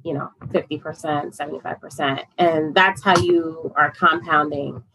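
Steady lower-voiced woman explaining. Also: normal speed, noisy background. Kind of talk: casual explanation.

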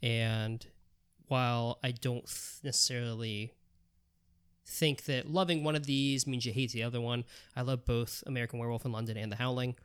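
A man in a casual chat, talking in a measured, thoughtful way. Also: mid-range voice, steady tone, smooth.

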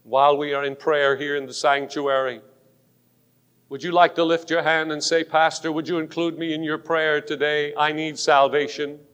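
A pastor making an urgent, pleading altar call during a sermon in a large church sanctuary. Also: male voice, a little high, completely flat delivery, moderate pace, a bit bright, clean tone. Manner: pleading and urgent, rising to fervent force. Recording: long hall reverb of a church.

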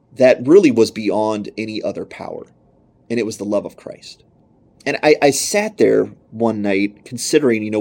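A man's voice: lowish voice, darkish tone. A young man preaching a sermon, telling his own story in an earnest, emphatic way.

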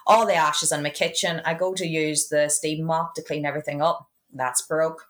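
A woman's voice: deep voice, fairly even intonation, moderate pace. A woman in her thirties in casual chat, telling stories and teasing with giggles.

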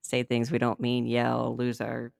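Gravelly-voiced woman hosting a podcast. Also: extremely low pitch, monotone, unhurried, darkish tone, dry recording, studio quality. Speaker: podcast host. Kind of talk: casual podcast conversation.

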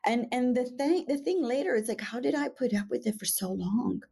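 A woman's voice: fairly high pitch, expressive, a little fast, creaky, dark tone, breathy edge. A young woman talking candidly and reflectively in a casual conversation, earnest and emphatic.

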